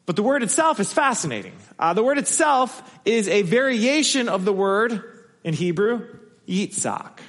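Guy preaching a sermon, kinda high voice, lots of hall echo, talks to the room like a chat. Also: big pitch swings, moderate pace, a bit bright. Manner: conversational preaching, acts out quoted voices. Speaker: pastor. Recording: long hall reverb.

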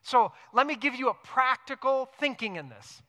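A man preaching a sermon earnestly, repeating key phrases for emphasis and dropping into soft, reflective tones. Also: very high voice, expressive, moderate pace, big-room sound. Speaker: pastor. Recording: music playing underneath.

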